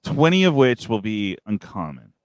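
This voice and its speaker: A man hosts a relaxed card game stream, low in pitch but very animated, swinging up and down as he reacts. He is chatty and quick to laugh, and his voice is dry and close to the mic. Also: clear, resonant tone, no echo. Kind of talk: casual chat.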